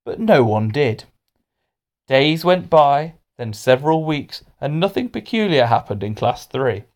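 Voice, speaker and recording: A man reading a children's storybook aloud with expressive delivery. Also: mid-range voice, unhurried.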